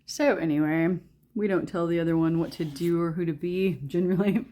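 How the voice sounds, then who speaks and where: A woman reading tarot who chats in a loose, rambling way, full of "like" and quick giggles. Her voice sits a little low for a woman. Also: darkish tone. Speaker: tarot reader. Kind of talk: casual chat during a tarot reading.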